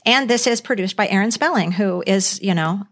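A woman's voice: mid-range voice, a little fast, a bit bright. A middle-aged woman co-hosting a podcast, earnestly recounting an old TV movie in casual chat with many fillers. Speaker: podcast co-host.

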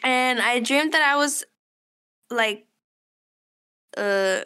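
High bright-voiced young-sounding woman guest. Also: drawn-out words, clear, resonant tone. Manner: rambling storyteller, heavy use of "like". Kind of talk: casual chat.

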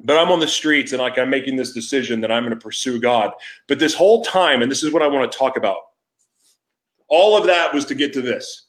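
Brisk and medium-pitched, a male podcast host shares a raw personal story. His telling is candid and emotional, full of restarts and trailing thoughts.

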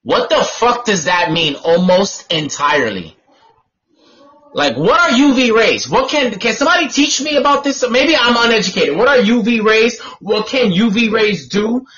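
Bright, high male co-host; profane ranter; muffled lo-fi radio sound. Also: sing-song, moderate pace. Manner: ranting, profane, exasperated. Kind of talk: casual radio talk show banter. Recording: dull lo-fi online radio audio.

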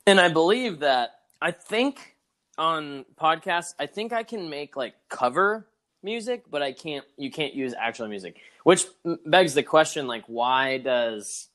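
A man's voice: fairly high pitch, expressive, unhurried, fairly bright tone. A man co-hosting a podcast, chatting casually and thinking aloud with fillers. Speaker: podcast co-host. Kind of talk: casual chat.

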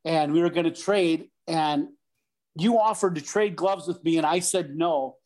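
A man's voice: fairly high pitch, measured pace. A middle-aged man, a former pro baseball player, casually telling stories as a guest and acting out the voices in them. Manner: animated, acts out voices in anecdotes. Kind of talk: casual storytelling.

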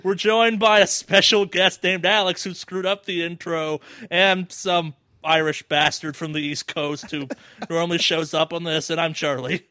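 A man's voice: fairly high pitch, level tone, a little slow, sharp tone, no echo, clean studio sound. A young man hosting a casual podcast from his apartment, teasing his guests with jokes. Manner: teasing, joking banter. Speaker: podcast host.

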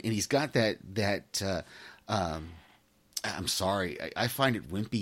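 A man co-hosting a podcast in loose, casual chat. His voice sits a little low, and he laughs easily and often backs up mid-sentence to restart a thought. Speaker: podcast co-host.

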